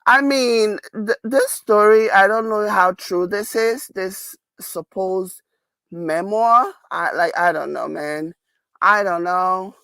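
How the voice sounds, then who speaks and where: A woman in casual reaction chat who talks in a halting, hesitant way with many restarts. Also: mid-range voice, a bit bright, no echo.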